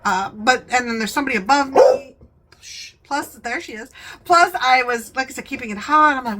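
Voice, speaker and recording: A woman's voice: sits high, normal speed, noisy background. A talkative woman hosting a home vlog, rambling chattily and laughing often. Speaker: vlogger, channel host.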